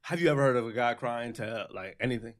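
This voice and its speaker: A man hosts a loose conversation among friends in a mid-pitched, everyday voice. He talks in a laid-back way, stumbling through stories with plenty of ums and uhs. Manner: laid-back, halting, with frequent um and uh. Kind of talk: casual group chat.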